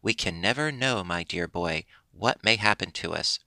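A man voicing a patient, gentle old father who lectures mildly and never loses his temper. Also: deep voice, animated, normal speed, creaky, no room sound, heavily acted.

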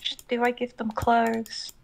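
A woman's voice: fairly high pitch, completely flat delivery, a little slow, creaky, slight background noise. Giggly self-mocking woman streamer. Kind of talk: casual chat while playing a drawing game.

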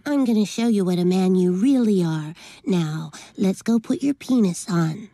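A sultry, soothing cartoon wife, middle-aged and flirty. Her voice is very dark and mellow. The recording is dry. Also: mid-range voice, lively intonation, normal speed, no echo.

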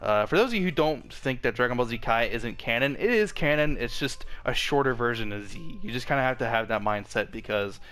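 A man's voice: medium pitch, expressive, brisk, hardly any pauses, fairly bright tone, clear, resonant tone. A young man hosting his channel, talking casually and rambling, with frequent restarts as he tries to say everything at once. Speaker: channel host. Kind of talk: casual vlog update.

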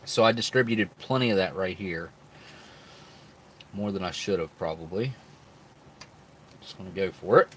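A man's voice: low voice, moderate pace, long pauses, fairly bright tone, a little hiss or hum. A man chatting casually to his viewers while he tastes old food, sometimes talking with his mouth full. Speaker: food reviewer. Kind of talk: casual vlog talk to camera.

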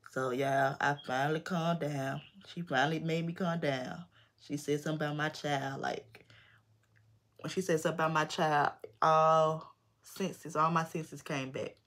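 A young adult woman vlogger telling a personal story in an animated, slangy, emphatic way. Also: sits low, moderate pace. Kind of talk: storytime vlog.

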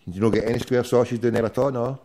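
A man's voice: medium pitch, steady tone, rapid-fire, crowd noise. Man hosting a rowdy call-in. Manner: swears heavily, teasing banter. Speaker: radio show host. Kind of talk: casual call-in chat.

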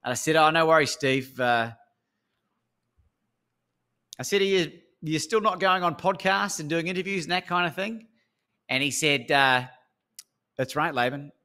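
Animated Australian man telling stories. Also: fairly high pitch, unhurried, pauses often. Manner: animated storyteller acting out phone calls. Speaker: speaker and coach, podcast guest. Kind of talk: storytelling interview talk.

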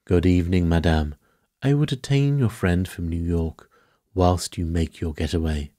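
A man's voice: sits low, normal speed, mellow, dry recording, studio quality, natural voice. A man voicing a courteous, fussy elderly detective in a bedtime story reading, speaking formally with mild reproof. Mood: calm. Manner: formal, mildly reproving, polite.

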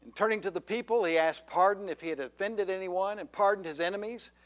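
A man's voice: sits high, fast. A man preaching a sermon as pastor, earnest and full of rhetorical questions to the congregation. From Georgia, USA. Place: church sanctuary.

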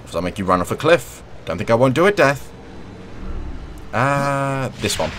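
A man's voice: mid-range voice, big pitch swings, normal speed, fairly bright tone, slight background noise. A young man giving casual, jokey gameplay commentary, humming and talking to the characters on screen. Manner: chatty, jokey, hums, talks to game characters. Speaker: let's play host.

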